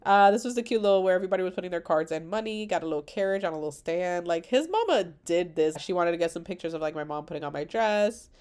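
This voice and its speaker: A young woman vlogger chatting about her wedding photos, animated and slangy, laughing often, on a computer microphone. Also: fairly low pitch, fast talker, few pauses, clean tone. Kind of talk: casual chat over wedding photos.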